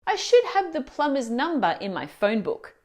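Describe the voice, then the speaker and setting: A woman teaching Italian pronunciation in a scripted video lesson, explaining words clearly and asking the viewer questions. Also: high-pitched, sing-song, normal speed.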